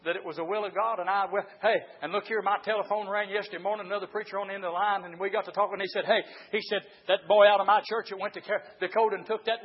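An older man preaching a fiery sermon as pastor, moving from quiet storytelling into shouted preaching. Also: high-pitched, level tone, very fast, few pauses, muffled recording.

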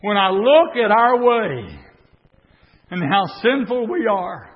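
Preacher shouting in a church. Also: male voice, sits high, very animated, slow. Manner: preaching that swells into shouted bursts. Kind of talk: sermon. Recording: dull recording in a reverberant church.

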